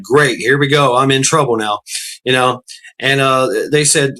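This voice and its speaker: A man's voice: moderate pace, bright, forceful tone. A man hosting a casual talk show, telling a long story in a rambling way with many fillers and restarts, laughing often and acting out what others said. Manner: rambling, laughs often, acts out quotes with raised pitch. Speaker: podcast host.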